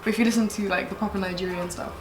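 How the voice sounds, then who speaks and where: A woman's voice: medium pitch, fairly even intonation, very fast. A young woman hosting a casual get-ready chat, talking easily while doing makeup. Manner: chatty, laughs easily. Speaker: beauty vlogger host. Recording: roomy echo, faint background noise.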